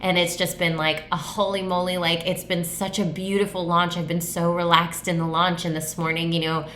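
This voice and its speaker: A woman hosting a solo podcast, rambling and effusive, with "like" peppered through every sentence and the odd casual curse. Her voice is bright and forceful, pitched a little low. The room around her rings with echo. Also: level tone, moderate pace, slight background noise. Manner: rambling, effusive, heavy use of filler "like", swears casually. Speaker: podcast host, tattoo artist and coach. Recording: echoey room.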